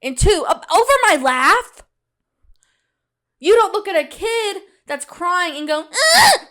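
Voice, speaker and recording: A young woman in college hosting a casual solo podcast, talking chattily and animatedly straight to her listeners, with a loud cackling laugh. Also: very high voice, lively intonation, a little slow. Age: young adult. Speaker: podcast host.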